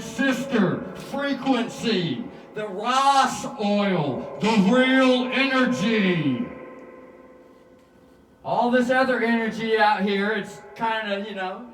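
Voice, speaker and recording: A man's voice: very high-pitched, a bit bright, slight background noise. A man in a rambling, profane, free-associating spiritual monologue. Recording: echoey room, far from mic, guitar music.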